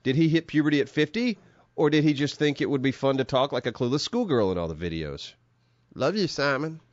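A man's voice: brisk, no echo, lo-fi sound. A man in his thirties co-hosting a casual group podcast, reading out comments and reminiscing. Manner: lively, jumps up in pitch when excited. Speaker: podcast co-host.

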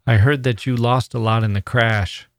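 A man reading the part of a wistful, chatty bartender who talks slowly and sadly. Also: mid-range voice, fairly even intonation, no echo, studio quality, close to an everyday voice. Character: wistful older male bartender, sad and chatty.

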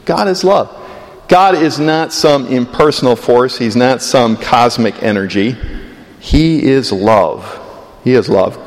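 A man in his fifties giving a conversational sermon as a priest, rising with emphasis on key phrases. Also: medium pitch. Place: church. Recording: long church reverb.

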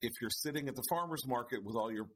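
A man's voice: mid-range voice, quick pace, a bit bright, slight background noise. A man co-hosting a casual conversation, building his points step by step.

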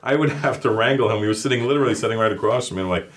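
A man from Canada with a lowish voice, chatting as a guest comedian. He tells stories loosely and jumps up into bigger voices when he quotes himself. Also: very fast. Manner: animated, acts out his own quotes in raised voices. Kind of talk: casual chat, storytelling.

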